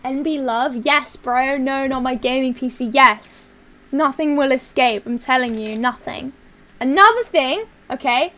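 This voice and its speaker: A young woman streams casually, reading viewer messages in a crude, rambling way while putting on a basic British accent. Her voice is high-pitched, unhurried, and sharp in tone.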